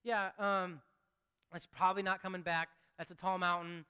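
A man's voice: high-pitched, little pitch movement, normal speed, pushed and bright, clear, resonant tone, pitched below the performer's own voice. A man voicing a careless, impatient ancient crowd in an offhand, shrugging way during a sermon retelling. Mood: flippant. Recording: long hall reverb.

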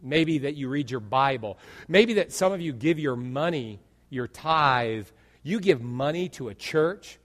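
A male pastor preaching a sermon in an animated way, acting out imagined dialogue and jokes. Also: medium pitch, a little slow, big-room sound.

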